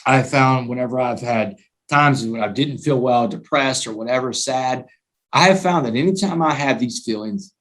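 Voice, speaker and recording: A man, a guest author telling his story in an emphatic, animated way during a talk-show interview. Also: mid-range voice, normal speed.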